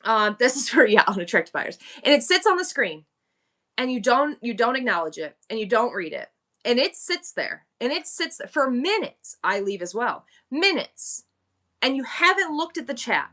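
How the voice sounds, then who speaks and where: A woman's voice: a little high, big pitch swings, moderate pace, pushed and bright. A woman hosting a live-selling stream, talking casually and with animation straight to her viewers as she gives selling advice. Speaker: live-stream seller and show host.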